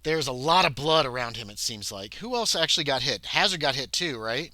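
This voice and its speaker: A man running a tabletop horror game as game master, chatty and loose, now and then shouting out quick character lines. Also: medium pitch, animated. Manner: chatty, breaks into loud shouted character voices.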